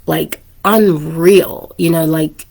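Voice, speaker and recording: A woman's voice: deep voice, steady tone, slow pace, gravelly, a little mellow. Earnest woman host in her thirties. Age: 30s. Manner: earnest and emotional, with laughs. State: teary. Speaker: podcast host. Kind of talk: casual personal talk to listeners.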